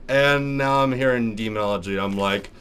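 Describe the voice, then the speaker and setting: A man's voice: mid-range voice, normal speed, a bit bright, clear, resonant tone. A young man with a sore throat giving jokey, theatrical let's play commentary as a gaming YouTuber.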